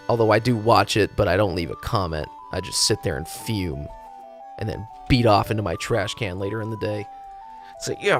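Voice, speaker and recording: A man live-streaming a game, ranting loudly with heavy swearing, then dropping into muttering. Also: lowish voice. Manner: loud profane ranting; animated, swings from loud to muttering. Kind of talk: casual live-stream chat.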